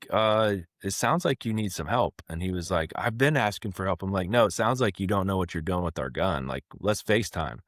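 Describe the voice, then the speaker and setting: Deep-voiced animated man storyteller. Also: fairly quick, few pauses, no echo, clean studio sound. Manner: animated storyteller, acts out both sides of conversations. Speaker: company president, guest. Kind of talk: casual storytelling interview.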